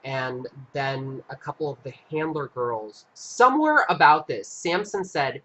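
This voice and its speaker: A man with a bright, forceful voice tells a story on his live stream. He talks casually and earnestly, often stopping to restart his sentences as he goes. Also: mid-range voice, sing-song. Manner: earnest, halting recounting with frequent restarts.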